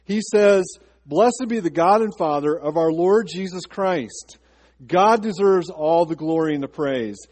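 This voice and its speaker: A man's voice: a little high, unhurried, a little mellow, long reverb tail. A man pastor preaching a sermon to his congregation, asking rhetorical questions and slipping into a chatty personal story. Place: church sanctuary.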